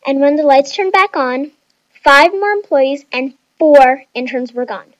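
A woman reading a storybook aloud, slowly and carefully, pausing through lists. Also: high-pitched, lively intonation, no room sound, poor audio.

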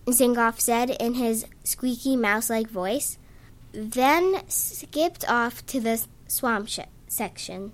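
A woman reading her own story aloud, slowly and carefully, with small stumbles over words. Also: on the high side.

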